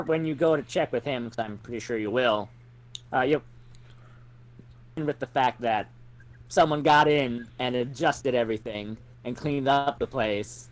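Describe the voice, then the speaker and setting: A man in a relaxed, chatty way running a tabletop game as game master, laughing easily. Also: medium pitch.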